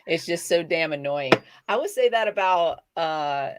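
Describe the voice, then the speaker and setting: A middle-aged woman chats casually on a talk show, rambling from one thought to the next. Her voice sits a little low, and she keeps correcting herself as she talks. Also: expressive, a little slow, very noisy. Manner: chatty, rambling, self-correcting. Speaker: co-host. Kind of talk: casual chat.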